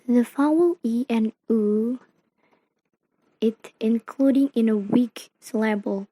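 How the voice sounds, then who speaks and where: A young woman, a non-native speaker of English from Indonesia, slowly reads out a student presentation on phonetics, with grammar slips along the way. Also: a little high, dark tone, no room sound, rough recording. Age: young adult. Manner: slow careful reading with non-native grammar.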